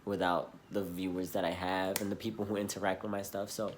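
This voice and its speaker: A man's voice: sits low, little pitch movement, brisk, slight background noise. A young man telling a personal story in a casual vlog, talking in a rambling, earnest way with many fillers. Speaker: vlogger.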